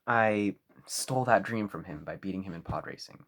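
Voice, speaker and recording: A young man talking to camera in a mock-serious apology video, over-earnest and halting. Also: lowish voice. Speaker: vlogger.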